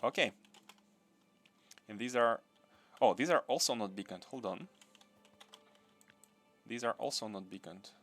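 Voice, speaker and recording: A man's voice: mid-range voice, unhurried, pauses often, fairly bright tone, faint music behind. A man hosting a live gameplay stream. He thinks aloud, repeats his phrases, chuckles often and chats with viewers. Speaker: gaming livestream host.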